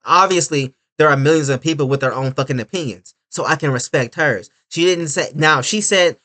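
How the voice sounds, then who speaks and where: A man giving casual reaction commentary, animated, swinging from loud outbursts to low mutters. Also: fairly quick. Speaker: reaction video creator.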